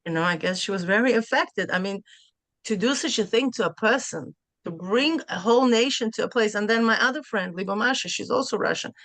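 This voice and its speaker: Animated woman sharing a story with class, quick bursts, dry close sound. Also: medium pitch, dry recording. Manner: lively, laughing, bursts of rapid speech. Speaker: class participant. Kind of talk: casual storytelling.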